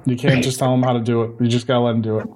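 A man co-hosting a casual podcast, talking in a relaxed, halting way. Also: medium pitch. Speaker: podcast co-host.

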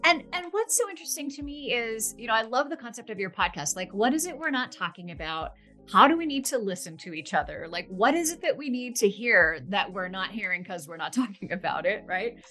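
A woman's voice: medium pitch, expressive, a little fast, pushed and bright, faint music behind. A woman talking earnestly and expressively as a podcast guest, laughing easily and using fillers like "you know.". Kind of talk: conversational podcast interview.

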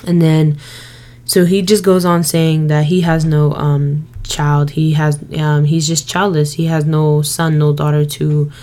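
A woman's voice: deep voice, measured pace. A young woman hosting a faith podcast, retelling a Bible story in a casual, slangy way and acting out what people say. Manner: slangy, lively retelling with quoted voices. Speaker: podcast host.

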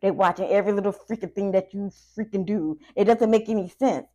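A woman giving a casual tarot reading to her viewers, talking in a chatty, profane way with animated asides. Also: medium pitch, brisk. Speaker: tarot reader.

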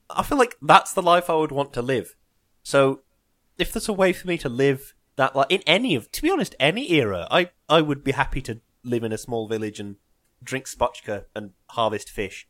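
A man's voice: mid-range voice, fairly bright tone, no room sound, studio quality. A man chatting casually, rambling and joking at his own expense. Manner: rambling, self-deprecating, quick to joke. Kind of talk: casual group chat.

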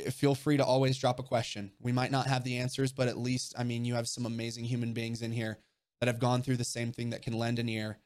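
A young man hosting a livestream, answering viewer questions in casual, earnest chat, emotional and swearing casually. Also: mid-range voice.

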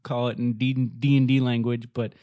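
A man co-hosting a podcast in casual chat. He talks with enthusiasm, full of fillers and quick restarts. The sound is close and dry, with no room around it. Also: mid-range voice, little pitch movement, mellow, no echo. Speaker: podcast co-host.

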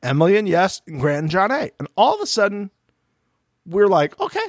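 Animated man recapping a reality show. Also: sits high, moderate pace, no room sound, studio quality. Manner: animated, swearing, acts out quotes. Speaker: podcast co-host.

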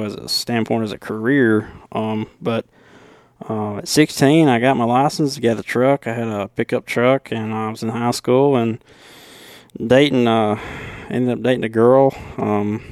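A man from Alabama with a deep Southern accent, a podcast guest in laid-back casual chat who says "man" a lot. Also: a little mellow, clean tone, no room sound, studio quality. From Alabama, USA. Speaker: podcast guest, lawn care business owner.

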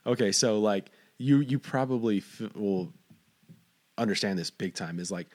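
This interview host hails from Fort Stockton, Texas, and his casual conversation wanders as he stumbles over his phrasing. He has a lowish, darkish voice and talks at a normal speed.

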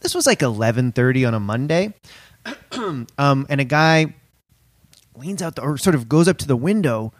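A man's voice: mid-range voice, normal speed, dry recording, clean studio sound. A young man casually telling a comic story as a podcast co-host, swearing and acting out quotes. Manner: animated, swearing, acts out quotes in a raised voice.

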